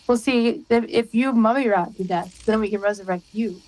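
A woman's voice: fairly high pitch, moderate pace, darkish tone, rough recording. A woman playing a tabletop role-playing game, thinking aloud about her moves and cracking jokes. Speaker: player. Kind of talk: casual tabletop play.

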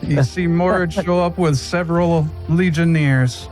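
A man's voice: fairly high pitch, steady tone, unhurried, darkish tone, faint music behind, rough recording. A man running a tabletop role-playing game as game master, narrating scenes and rulings in an easygoing way.

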